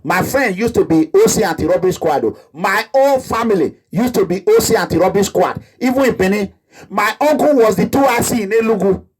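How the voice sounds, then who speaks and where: This is a Nigerian man with a Nigerian accent delivering a rambling, impassioned monologue. His voice sits high for a man and has a slightly husky edge. He keeps slipping into the voices of the people he describes, sounding indignant throughout. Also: lively intonation, brisk. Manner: rambling, indignant, breaks into laughter and acts out quoted voices. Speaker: activist.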